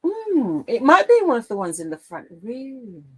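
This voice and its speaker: A woman's voice: fairly high pitch, huge pitch swings, unhurried, breathy edge, poor audio. A middle-aged woman hosting a craft livestream, chatting casually and reading out viewer comments with a playful manner. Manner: chatty and playful, warm with viewers, trails off and laughs.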